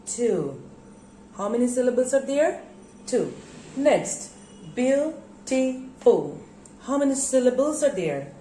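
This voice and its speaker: A woman's voice: on the high side, big pitch swings, dark tone. A woman teaching a lesson, stretching out words and repeating them for her students. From Bangladesh. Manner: slow, drawn-out word emphasis, repeats words for students. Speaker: English teacher. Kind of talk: recorded classroom lesson. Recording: echoey room, faint background noise.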